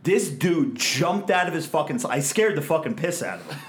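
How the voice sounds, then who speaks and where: A man's voice: on the high side, normal speed. A young man telling a story on a podcast, swearing constantly and acting out what people said. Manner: profane, animated, acts out quotes. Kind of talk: casual storytelling.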